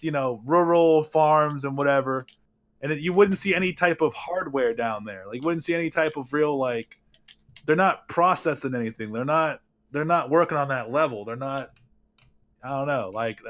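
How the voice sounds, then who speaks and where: A man's voice: on the high side, moderate pace, a bit bright. A man chatting casually on a stream, rambling through half-formed ideas, swearing and laughing often.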